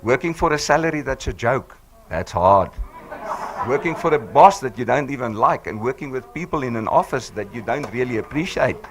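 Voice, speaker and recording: A man in his sixties with a husky voice, hoarse from flu, giving an emphatic, encouraging motivational speech to a live audience on a handheld mic. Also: medium pitch, animated, moderate pace. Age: 60s. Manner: emphatic, encouraging, repeats for effect. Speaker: business team speaker. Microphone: handheld microphone.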